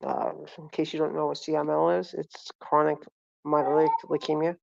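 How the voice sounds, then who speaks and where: Middle-aged woman vlogger, deep and gravelly, rambling and self-correcting, muffled lo-fi recording. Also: flat delivery, normal speed, a little mellow, no echo. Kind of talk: casual storytelling.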